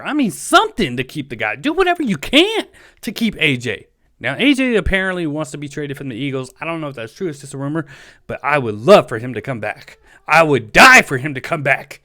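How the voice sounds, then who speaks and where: A man hosting a fan sports podcast, talking in an excitable, emotional, pleading rant. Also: on the high side, brisk, no echo, studio quality. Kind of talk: solo fan podcast commentary.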